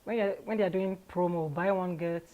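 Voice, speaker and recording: A Nigerian woman, an interview guest, telling her own story in a candid, lively way and laughing often. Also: lowish voice, brisk, narrow, tinny audio.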